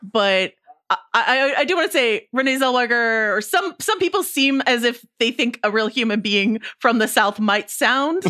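Bright-voiced woman podcast co-host. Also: a little high, animated, clear, resonant tone. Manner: playful, quick to laugh, teasing. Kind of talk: casual podcast chat.

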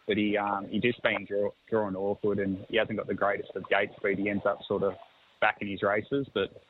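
A man, a horse trainer talking over the phone in a halting, easygoing way that repeats words. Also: on the low side, monotone. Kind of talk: phone interview. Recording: tinny phone line with faint noise.

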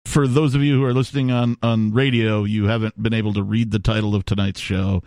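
A man's voice: lowish voice, little pitch movement, brisk, a little mellow, dry recording, clean studio sound. A man hosting a talk radio show, chatting casually with lots of laughter and fillers. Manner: laughs often, rambling with filler words. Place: radio studio.

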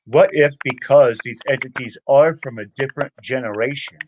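A man's voice: medium pitch, moderate pace, dull audio. Guy host, casual rambly questions, bit of noise on the line. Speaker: podcast host. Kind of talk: casual interview.

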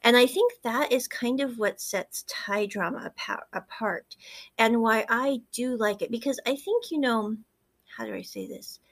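A woman with a fairly high voice talks through a drama episode in a loose, chatty way. She wanders off on tangents and retells the scenes by quoting the characters' lines. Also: measured pace. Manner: chatty, digressive, retells scenes in quoted dialogue. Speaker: drama reviewer. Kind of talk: casual commentary recapping a drama.

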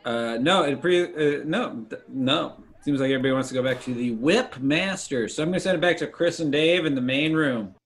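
A man co-hosting a comedy podcast, tossing in deadpan sarcastic asides. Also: medium pitch, fairly quick, hardly any pauses. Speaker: co-host.

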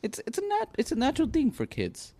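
A man's voice: very high voice, wildly swooping pitch, quick pace, mellow, no echo. A young man co-hosting a casual podcast, speaking hesitantly with many fillers and restarts. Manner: hesitant, restarts often, uses filler words. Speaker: podcast co-host. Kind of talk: casual chat.

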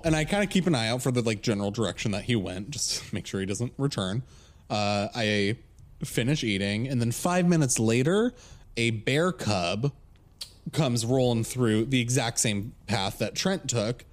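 A man co-hosting a podcast, telling a story in a loose, chatty way full of "like" and laughter. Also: mid-range voice. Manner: animated, laughing storyteller with many "like"s. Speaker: podcast co-host. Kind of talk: casual storytelling chat.

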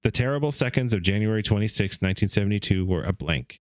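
A man's voice: on the low side, lively intonation, fast, no echo. A man hosting a casual podcast, reading a story aloud and sometimes stumbling on a word. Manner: reads steadily, stumbles on some words then laughs it off. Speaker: podcast host reading stories.

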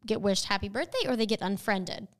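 A woman's voice: mid-range voice, a little fast. A woman in her thirties co-hosting a casual chat, telling stories with lots of "like". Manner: animated storyteller, says "like" often.

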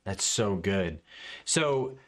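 A man's voice: low-pitched, lively intonation, extremely slow. Man, podcast host, hesitant, restarts his questions, interviewing.

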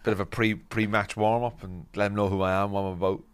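A man's voice: on the low side, level tone, fast, smooth. A man with a Cork Irish accent, chatting casually as a podcast guest, rambling and laughing often. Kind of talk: casual chat.

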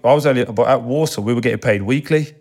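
A man's voice: medium pitch, fast, a little mellow. A man, telling stories from his past in a casual interview, swearing freely and acting out other people's voices when he quotes them. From England. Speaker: guest, football captain.

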